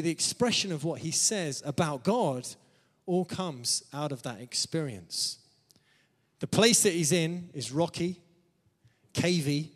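A man with a fairly high voice preaches a sermon to his congregation, laughing between phrases and often calling out "amen." His voice rings with the long reverb of a church hall.

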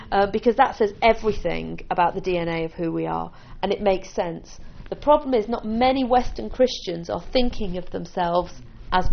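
A gravelly, lowish female voice comes through dull audio with a bit of background noise. She is a church leader giving a small group a relaxed teaching talk, chatty and full of restarts, with occasional light laughter.

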